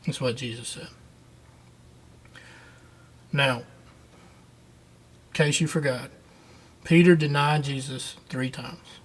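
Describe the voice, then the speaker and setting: A man's voice: medium pitch, takes it slowly, long pauses, fairly bright tone, breathy edge. A man teaching a children's Bible lesson, retelling the story in a folksy, conversational way.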